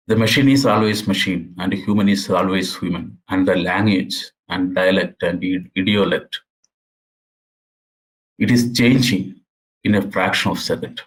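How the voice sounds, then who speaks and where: Man, low voice, lecturing, halting with restarts, earnest. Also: low-quality recording. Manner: halting, with frequent restarts and repeated words; earnest and explanatory. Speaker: university lecturer. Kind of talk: academic lecture.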